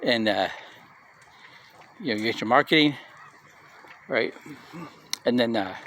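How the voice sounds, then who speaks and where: A man's voice: mid-range voice, lively intonation, unhurried, fairly bright tone, slight background noise. A middle-aged man giving a casual motivational talk, telling personal stories in a loose conversational way and often checking in with "right?". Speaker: speaker at a community live session.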